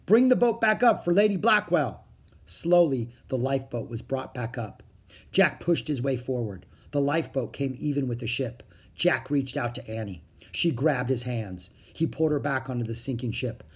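A reader narrating a children's book in a steady storytelling manner. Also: mid-range voice, moderate pace, slightly rough. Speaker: audiobook reader.

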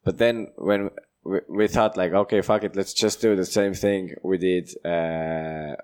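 Halting low-voiced Estonian man. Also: fairly even intonation, a little mellow, clean tone. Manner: halting, many "like" fillers, laughs often. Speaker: comedian podcast co-host. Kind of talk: casual chat.

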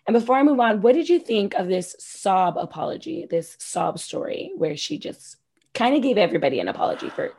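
Profane, animated woman recapping reality TV. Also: mid-range voice, brisk, creaky, breathy edge. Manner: blunt, profane, animated retellings. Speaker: podcast co-host. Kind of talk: casual reality TV recap chat.

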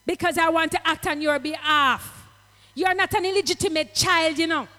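A woman preaching a sermon, dropping into patois and rising to shouts. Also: very high voice, moderate pace, big-room sound. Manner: impassioned, slips into patois, rises to shouts.

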